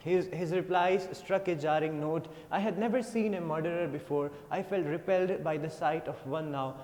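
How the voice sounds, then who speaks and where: A man's voice: fairly high pitch, moderate pace, a little mellow, a little hiss or hum. A man with an Indian English accent, teaching an English class by reading a story aloud and then retelling it with many fillers. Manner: reads passages, then paraphrases with many fillers. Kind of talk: explaining a textbook story. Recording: long reverb.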